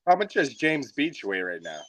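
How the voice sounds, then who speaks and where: A man chimes in on a chat show with a lively, middle-pitched voice. His remarks are short and dry. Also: normal speed, rough recording.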